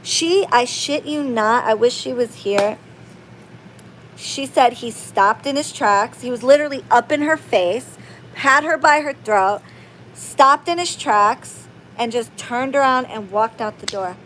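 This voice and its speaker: Woman, higher voice, rambling casual chat, expressive swings from loud to quiet, faint hiss behind. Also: unhurried. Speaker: spiritual practitioner and channel host.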